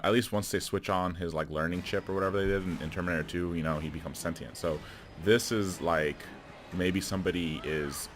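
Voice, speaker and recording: A man's voice: low voice, a bit bright. A man talking casually to camera about a film, rambling with many fillers and restarts and chuckling between remarks. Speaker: video creator. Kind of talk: casual movie commentary.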